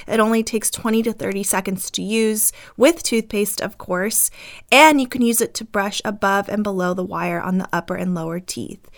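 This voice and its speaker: A woman's voice: medium pitch, a bit bright. A woman hosting a casual podcast, talking in a chatty, upbeat way with a slightly scratchy, itchy throat. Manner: chatty, upbeat, uses fillers like "um" and "like". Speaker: podcast host; dental professional.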